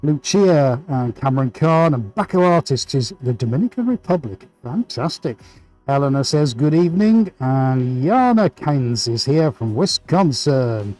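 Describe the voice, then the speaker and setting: A man's voice: mid-range voice, lively intonation, a little slow, a little mellow, faint music behind, rough recording. A man hosting a live painting stream, chatting energetically and greeting viewers by name. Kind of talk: casual live-stream chat while painting.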